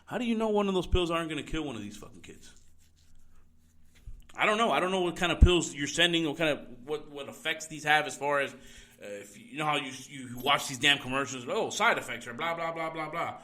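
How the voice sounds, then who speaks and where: Profane, forceful-voiced podcast host. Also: male voice, a little high, fast. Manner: profane, heated ranting. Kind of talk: solo opinion podcast rant.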